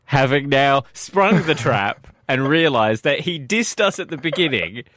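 A young Australian man co-hosting breakfast radio, mock-dramatic and animated, laughing often, on a studio mic. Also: medium pitch, a little slow, no room sound. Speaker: radio breakfast show co-host. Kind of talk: casual on-air banter. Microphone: studio microphone.

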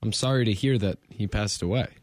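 A man's voice: on the low side, a little fast, darkish tone, no echo, clean studio sound. A man co-hosting a radio show, chiming in with short sympathetic reactions in casual chat.

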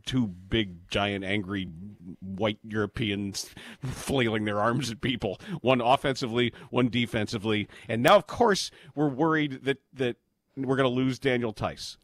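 Man, sports radio host, casual talk, animated, dry close studio sound. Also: mid-range voice, a little slow, dry recording. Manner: animated, mock-outraged bursts.

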